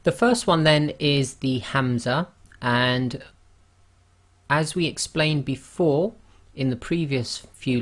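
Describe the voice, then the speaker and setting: A male tutor gives an online lesson on Arabic letter sounds. He speaks slowly and carefully, stopping to demonstrate each throat sound with drawn-out repeats. His pitch sits in the middle for a man. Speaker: Arabic pronunciation teacher.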